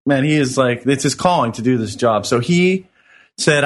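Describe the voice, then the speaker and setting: A man's voice: mid-range voice, moderate pace, fairly bright tone. A man co-hosting a spiritual talk show, telling a long story with lots of affirming yeses. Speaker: co-host.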